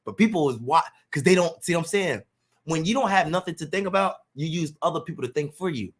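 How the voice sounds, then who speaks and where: This man's pitch is fairly high and he talks fast. He rants casually on his own, animated, full of profane street slang, mimicking what people say.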